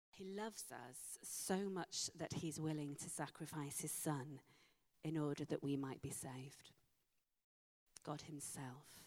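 A woman preaching a sermon, slow and emphatic with dramatic pauses. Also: low voice. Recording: long hall reverb.

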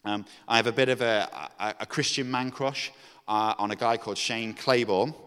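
A man preaching a sermon. He reads scripture aloud, then talks in a casual, animated way with fillers and restarts. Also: mid-range voice, moderate pace, clear, resonant tone. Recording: long hall reverb.

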